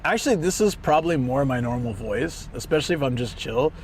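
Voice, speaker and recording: A man chatting on a live stream, excitable and rambling, who swings between a higher hyped voice and a deeper relaxed one, his voice strained from hours of talk. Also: fairly quick, slight background noise. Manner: rambling and excitable, trailing off and restarting. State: voice strained from talking a lot. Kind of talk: casual live stream chat.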